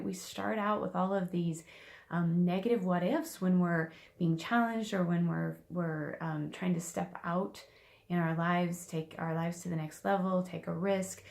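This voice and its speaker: A woman's voice: fairly low pitch, moderate pace, creaky, darkish tone. A woman success coach giving a casual weekly motivational talk, chatty with fillers and restarts.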